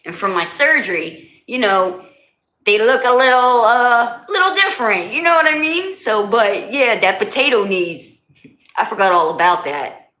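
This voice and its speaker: A woman's voice: fairly high pitch, lively intonation, normal speed, sharp tone. A woman hosting a live stream, chatting casually with viewers, teasing them and laughing often. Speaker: livestream host. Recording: echoey room.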